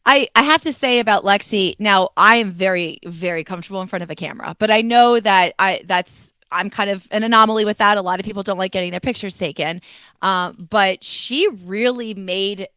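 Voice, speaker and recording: A woman's voice: medium pitch, a little fast, a bit bright, smooth, no echo. A woman co-hosting a casual chat show, talking expressively and teasing her co-host playfully. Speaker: podcast co-host.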